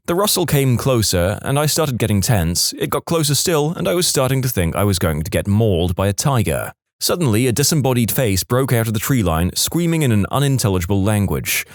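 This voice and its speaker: A man narrating submitted stories in a lively storytelling manner, with dramatic pauses. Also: fairly low pitch, no echo, studio quality. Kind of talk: scripted narration of reader stories.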